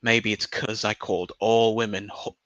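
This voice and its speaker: A man's voice: fairly low pitch, level tone, normal speed, fairly bright tone, no echo, lightly acted. A man putting on a put-on English accent to recite mock-solemn verse like a grandiose poet, in a slightly muffled recording.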